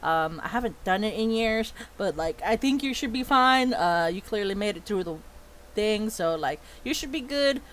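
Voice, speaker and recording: A woman voicing a flustered, kindly male professor at a magic school, who stammers and fills pauses with "uh". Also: medium pitch, expressive, fairly bright tone, a little hiss or hum, close to an everyday voice. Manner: stammering, flustered, full of fillers.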